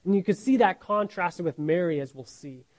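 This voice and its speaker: High-voiced earnest male preacher. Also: moderate pace, low-quality recording. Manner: earnest, questioning, repeats words, asks "right?". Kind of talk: sermon, Bible teaching.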